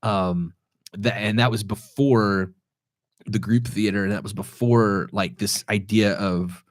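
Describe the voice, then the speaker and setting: A man's voice: fairly low pitch, fairly even intonation, slow pace, dry recording, clean studio sound. Rambling man in casual podcast chat. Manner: rambling, many restarts and fillers. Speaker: podcast co-host.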